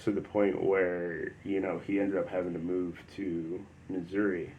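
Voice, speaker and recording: A young man with a low-pitched voice tells a personal story casually, rambling through fillers and loose asides. He is from the Chicago area, and every so often he jumps into loud, animated quotes of what people said. A faint ambient hum sits under the recording. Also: unhurried, narrow, tinny audio.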